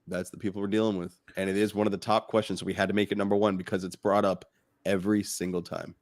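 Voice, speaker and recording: Speaking fast in a low-pitched voice on a dry recording, a man co-hosts a fatherhood podcast. His casual chat is blunt and animated, and he jokes by mimicking others in mocking quoted voices.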